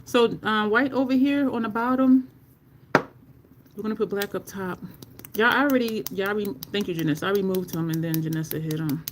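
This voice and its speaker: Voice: mid-range voice, normal speed, noisy background. Chatty makeup livestream host. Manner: chatty, laughs often, answers viewers in chat; curses casually in conversation. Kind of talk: casual livestream chat while doing makeup.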